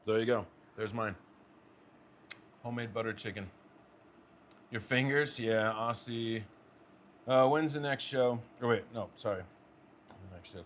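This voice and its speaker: A man's voice: lowish voice, a little hiss or hum. A young man from the United States chatting casually while plating food in his home kitchen, talking to his partner and viewers. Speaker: cooking vlogger. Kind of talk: casual cooking vlog.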